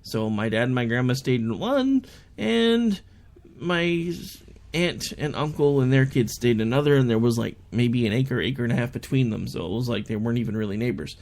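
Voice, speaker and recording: A young adult man hosts his own talk show in a casual, chatty monologue. His pitch swings widely as he tells stories, and his voice carries a gravelly fry. When he quotes other people, he pushes his voice higher. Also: expressive, normal speed, a little mellow.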